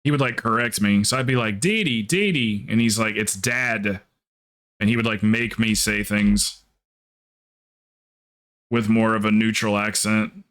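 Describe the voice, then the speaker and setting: A man's voice: on the low side, little pitch movement, normal speed, long pauses, a bit bright, smooth. A man who grew up in the southern United States, chatting casually on a livestream and thinking aloud as he plans his group's next game run, with frequent fillers. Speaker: livestreamer planning game runs.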